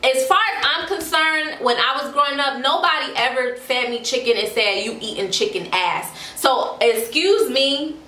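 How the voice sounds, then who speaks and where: An American woman tells a storytime vlog, animated and dramatic, tossing in slangy asides. Her voice sits high and sounds bright and sharp. The room around her rings with echo. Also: moderate pace, few pauses, a little hiss or hum. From United States. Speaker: vlogger.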